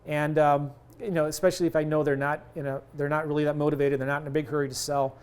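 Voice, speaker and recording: A man's voice: fairly high pitch, little pitch movement, quick pace, clear, resonant tone. A middle-aged man coaching on real estate deals in a casual, conversational way, acting out bits of seller calls. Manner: conversational, acts out both sides of sales calls. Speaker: real estate investing teacher.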